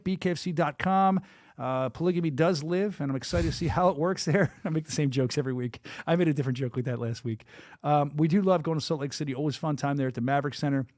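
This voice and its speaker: A man with a Delaware County Philly accent hosts a podcast and rattles along at a brisk clip in a slightly higher voice. His joking hype-man patter sounds close and dry on a studio mic. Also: no room sound. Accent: Delaware County Philadelphia. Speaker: host. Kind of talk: casual podcast chat.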